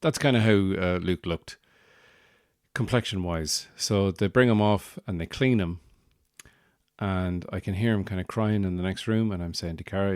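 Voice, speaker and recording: Irish male podcast host, low voice, dry close sound, digressive comic storyteller. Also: moderate pace, smooth, dry recording. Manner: rambling, digressive, wry.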